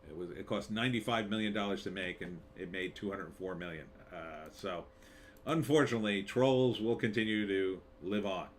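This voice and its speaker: A man's voice: low voice, moderate pace, a little hiss or hum. A man hosting a live commentary show, talking in a sarcastic, rambling way with wry asides. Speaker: show host.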